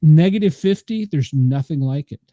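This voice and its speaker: Laid-back man from the US South, warm tone. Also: on the high side, animated, normal speed, no room sound. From Southern United States. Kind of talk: casual storytelling.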